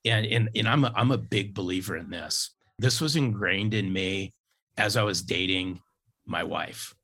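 A man in his fifties with a very low, gravelly voice that has a husky edge. He tells his stories with emphatic repetition, hammering key phrases home like a seasoned sales coach. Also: moderate pace, pushed and bright. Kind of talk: storytelling interview talk.

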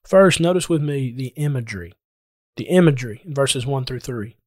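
A man's voice: mid-range voice, lively intonation, normal speed, darkish tone, no echo, clean studio sound. A man preaching a sermon in an earnest, explanatory way, speaking directly to his listeners.

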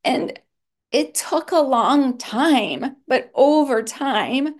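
A woman, a therapist speaking in a candid podcast conversation, earnest and reflective with soft laughs. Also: sits high, lively intonation, extremely slow. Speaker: therapist and guest.

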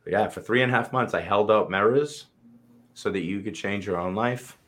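A man's voice: on the low side, moderate pace. A middle-aged man, a coach and co-host, candidly telling his story in a live conversation and acting out his own inner voice, with casual swearing.

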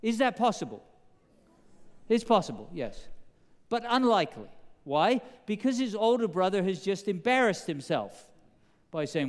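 High, smooth-voiced preacher in a reverberant hall. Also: male voice, moderate pace, long pauses. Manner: asks the congregation questions, animated and emphatic. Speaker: pastor. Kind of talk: sermon.

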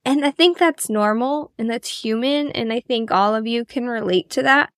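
A woman with a fairly high voice talks to her listeners in a casual, chatty monologue. She is encouraging and pokes fun at herself as she motivates them. The sound is dry and close. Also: moderate pace, a bit bright, dry recording. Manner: encouraging, chatty, self-deprecating. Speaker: podcast host.

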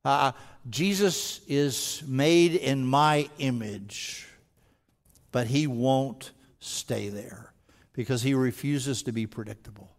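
A man's voice: medium pitch, slow. A man preaching a sermon as senior pastor, talking conversationally with frequent stammered restarts and building into intense rhetorical questions. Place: large church sanctuary. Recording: long hall reverb from a large sanctuary.

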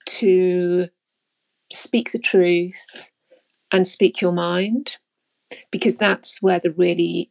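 Slow, gravelly-voiced woman guest. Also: on the low side, darkish tone. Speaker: guest, head of media relations. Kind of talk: interview answers.

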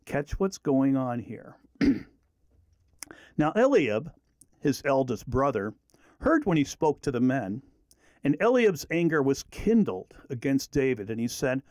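A man's voice: medium pitch, a little slow, dry recording. A man teaching a Bible study lesson, telling the story with feeling and acting out the quoted lines. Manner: animated storyteller who acts out quoted lines.

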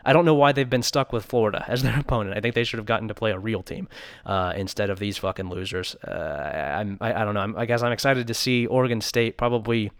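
A man's voice: lowish voice, steady tone, fast talker, clean tone, no echo, clean studio sound. A man co-hosting a sports podcast, chatting casually and joking, with many restarts. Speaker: podcast co-host.

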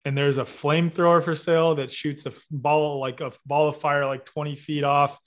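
A man's voice: fairly high pitch, flat delivery, brisk. A man in a casual conversation who mostly gives brief agreeing replies and tells plain stories.

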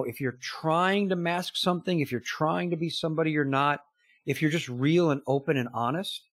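A man's voice: a little high, no echo. Earnest middle-aged man, dry sound. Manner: earnest, storytelling with quoted dialogue and frequent "you know". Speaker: business coach. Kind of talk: conversational interview answer.

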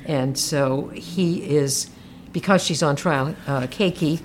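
Low-voiced woman chatting about a book, lots of stops and restarts. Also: a little hiss or hum. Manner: halting, many restarts and fillers. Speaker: podcast co-host discussing a book. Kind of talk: casual chat.

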